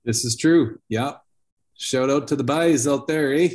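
A man co-hosts a loose podcast conversation, spinning long stories peppered with swearing. His voice sits at an ordinary pitch with a mellow, relaxed timbre. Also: a little slow. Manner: profane, rambling storyteller. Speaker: podcast co-host. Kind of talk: casual podcast chat.

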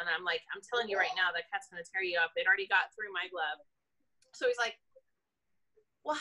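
A woman police officer telling a story in casual chat, animated, laughing often and acting out what people said. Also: medium pitch.

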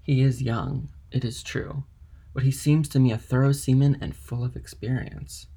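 A man voicing a kindly, eager older male ship owner in an audiobook reading, with a gravelly tone. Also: mid-range voice, fairly even intonation, moderate pace, dark tone.

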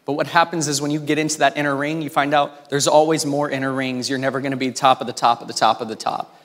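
A man preaching a sermon in a casual, conversational way, telling a story with lively voices for the people in it. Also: mid-range voice, fast. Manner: informal and conversational, with restarts. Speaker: pastor.

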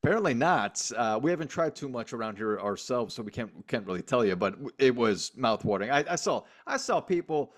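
A man's voice: mid-range voice, big pitch swings, a little fast, few pauses. A man co-hosting a casual sports podcast, joking and emphatic. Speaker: podcast co-host.

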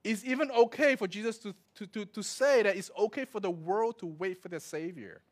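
A man's voice: high voice, fairly quick. A male pastor, preaching a sermon full of stories, laughing as he acts out quotes. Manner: storytelling with laughs and acted-out quotes.

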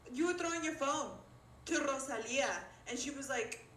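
A woman's voice: high voice, normal speed, a bit bright. Teasing, sarcastic woman on a call. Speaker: podcast co-host. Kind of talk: casual comedic chat. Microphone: video call.

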